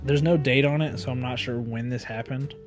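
A man in casual conversation, reading old documents aloud haltingly and breaking off with filler asides. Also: mid-range voice, fairly even intonation. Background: music.

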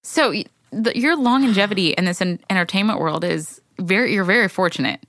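A woman co-host tells stories with animation and acts out each person she quotes along the way. Her voice is mid-pitched. It is recorded dry and close to the mic. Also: animated, brisk, fairly bright tone, no echo. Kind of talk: casual podcast chat.

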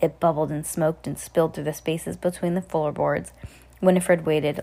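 Woman, casual read-aloud to a child at home, lowish, self-correcting. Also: fairly even intonation, normal speed, vocal fry, warm tone. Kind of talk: reading a storybook aloud.

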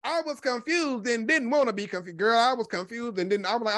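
A man hosting a gossip commentary show, talking loudly and brashly with constant profanity. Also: extremely high pitch, a little fast, no echo, studio quality. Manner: loud, brash, heavily profane.

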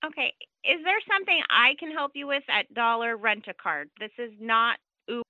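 Flustered high, bright woman on the phone. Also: normal speed, lo-fi sound. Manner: polite, stammering, confused. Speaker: car rental agent. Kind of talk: phone customer service.

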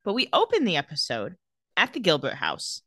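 Lively bright-voiced young woman. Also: on the low side, a little fast, dry recording, clean studio sound. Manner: lively, laughs often, acts out quotes. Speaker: podcast co-host. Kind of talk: casual recap chat.

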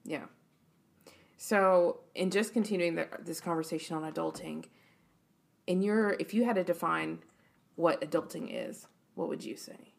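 Low, gravelly young woman podcast host. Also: moderate pace. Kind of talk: casual faith-based chat.

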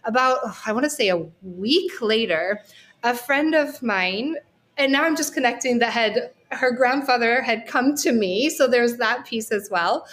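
A woman's voice: fairly high pitch, lively intonation, unhurried, fairly bright tone. A woman guesting on a podcast, a researcher sharing a personal story in a candid, heartfelt, talkative way. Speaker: guest, social work researcher.

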